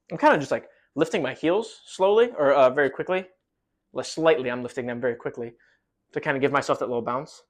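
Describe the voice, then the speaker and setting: A man's voice: mid-range voice, brisk. A man teaching marching band choreography, explaining loosely with lots of fillers and counting steps aloud, a little out of breath from demonstrating.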